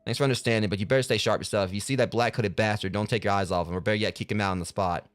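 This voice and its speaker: A man voicing a gruff male shop owner who grumbles and curses as he talks. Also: fairly low pitch, fairly even intonation, rapid-fire, dry recording, faint music behind, natural voice. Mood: aggrieved. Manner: grumbling, cursing.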